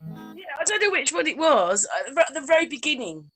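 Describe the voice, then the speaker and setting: A woman interviews in a teasing, informal tone. Her voice is high, and her pitch swings widely as she talks. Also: very animated, fairly quick, fairly bright tone, faint music behind. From Essex, England. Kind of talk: casual chat.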